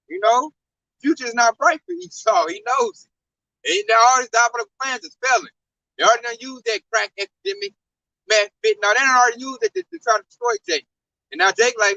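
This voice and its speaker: A man's voice: very high voice, big pitch swings, brisk, creaky, bright, forceful tone, recorded from a distance, highs cut off. A man in fervent religious talk full of slang, preaching animatedly and often saying "man". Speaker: religious commentator.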